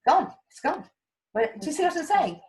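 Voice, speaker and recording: A woman giving animated, chatty spiritual guidance and explaining with homely analogies. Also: high voice, normal speed, rough recording. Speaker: spiritual guide. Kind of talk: casual spiritual talk.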